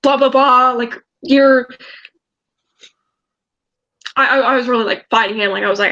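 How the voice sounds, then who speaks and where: Teenage girl, storytime vlog, high voice, rambling, agitated, lots of restarts. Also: moderate pace, long pauses, sharp tone, dull audio. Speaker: vlogger.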